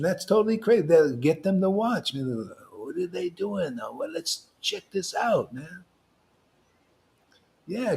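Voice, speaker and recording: A man preaching informally to a devotional group, animated and slangy, often tagging lines with "man". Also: high voice. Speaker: devotional teacher.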